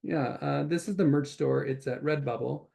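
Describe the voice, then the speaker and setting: Gravelly guy hosting a video call interview, stumbles and repeats words a lot. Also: fairly high pitch, dark tone. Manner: halting, stacks fillers and repeats words. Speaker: interviewer and anthology editor. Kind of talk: casual interview chat.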